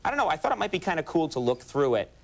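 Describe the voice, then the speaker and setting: A man hosting a talk show, joking in a quick, self-mocking way with his sidekick. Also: a little high, big pitch swings. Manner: jokey, self-mocking, fast asides. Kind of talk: comedic talk show banter. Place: TV studio with live audience. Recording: broadcast with audience and noise.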